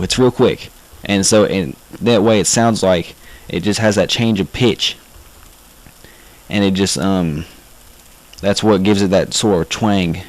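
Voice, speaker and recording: A man from the Southern United States giving a casual home-made tutorial, talking haltingly with frequent ums and self-corrections. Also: sits low, rough recording. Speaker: amateur video instructor.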